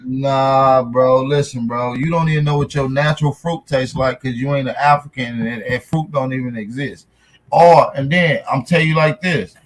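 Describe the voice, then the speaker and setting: A man's voice: mid-range voice, normal speed. A man hosting a livestream, bantering casually and mocking a caller in a brash, profane way. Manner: brash, mocking, trash-talking. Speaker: livestream host.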